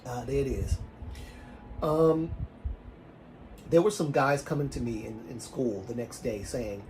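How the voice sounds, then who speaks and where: On a livestream, a Southern-accented man rambles casually through a story, frequently starting over and letting his words fade off softly. He has a mid-range voice, an unhurried delivery with frequent pauses, and there's a little background noise.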